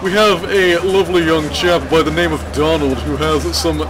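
A stuffy, pompous English gentleman voiced by a man clowning around drawls along in a deliberately slow, posh manner. The voice sits fairly high, and he is heard with game music running underneath. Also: fairly even intonation, lightly acted. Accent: mock English. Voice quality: put-on deep posh drawl.

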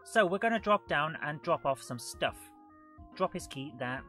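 A woman's voice: low-pitched, lively intonation, normal speed, fairly bright tone, faint music behind. A woman, chatting through a live retro game stream, self-mocking and greeting chat viewers. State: coughing and out of breath. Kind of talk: live gameplay commentary.

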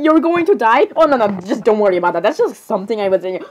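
A woman chatting in character while reacting to a video, giggling often and apologizing between excited outbursts. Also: fairly high pitch, fast, hardly any pauses, slight background noise, poor audio. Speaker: role-play reaction streamer.

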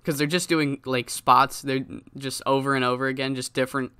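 A man's voice: mid-range voice, little pitch movement, fairly quick, bright, forceful tone, clean tone, no echo, clean studio sound. A man giving casual, rambling commentary on a wrestling game, swearing often. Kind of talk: casual let's-play commentary.

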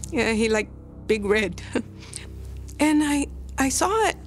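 An older woman, a grandmother, telling her story in a documentary interview, speaking haltingly and emotionally with many restarts. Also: fairly high pitch, soft background music. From Texas.

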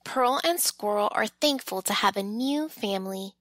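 A woman reading a children's picture book aloud, with gentle, expressive storytelling. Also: mid-range voice, normal speed, dry recording, rough recording. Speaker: storybook reader.

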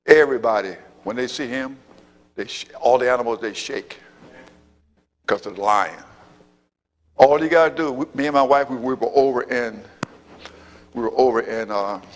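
Preaching man in a reverberant church. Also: mid-range voice. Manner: call-and-response, repeats phrases, fills with amen and praise God. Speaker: apostle and pastor. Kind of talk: sermon. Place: church sanctuary.

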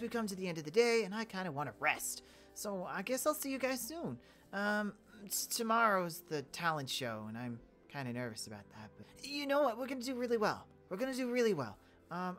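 A woman hosting a game role-play series in character, animated and swinging between alarm and calm musing. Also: medium pitch. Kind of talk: in-character role-play chat with a channel outro.

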